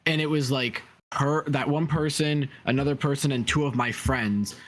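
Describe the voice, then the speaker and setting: A man co-hosting a card game stream talks in a mid-range, fairly bright voice at a normal, steady pace. He chats casually and rambles through stories, saying "like" a lot, with faint music playing behind him.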